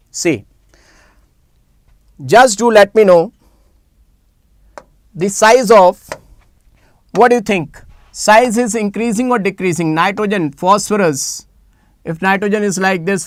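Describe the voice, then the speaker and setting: A man teaching a live online chemistry class, animated and repeating phrases as he coaxes students to answer in the chat. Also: high-pitched.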